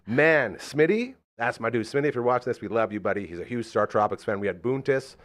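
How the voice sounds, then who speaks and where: Animated man in his forties. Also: medium pitch, quick pace. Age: 40s. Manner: animated storyteller, does voices when quoting. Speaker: podcast host. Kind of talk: casual chat.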